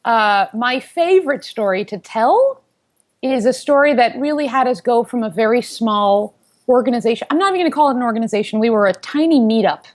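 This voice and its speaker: Animated storytelling woman, higher voice. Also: fairly quick. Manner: animated storyteller who acts out quoted voices. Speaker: founder, interview guest. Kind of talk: storytelling in an interview.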